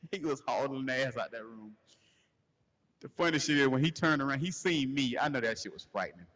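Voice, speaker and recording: A man hosting a podcast, telling a crude comedic story in a loose, animated way and laughing as he goes. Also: mid-range voice, fairly quick. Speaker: podcast host. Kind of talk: casual comedic storytelling rant. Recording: long hall reverb.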